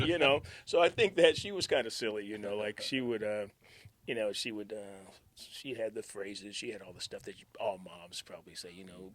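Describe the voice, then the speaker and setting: A man's voice: a little high, fairly bright tone. Laughing, joking ex-morning-radio man. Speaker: former morning radio host, guest. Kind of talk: casual interview. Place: radio station.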